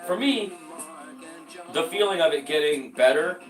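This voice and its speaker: A man telling stories in a casual conversation, animated and emphatic, swearing freely and often jumping up in pitch. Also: unhurried, distant mic. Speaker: podcast guest. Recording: echoey room, off-mic, faint music.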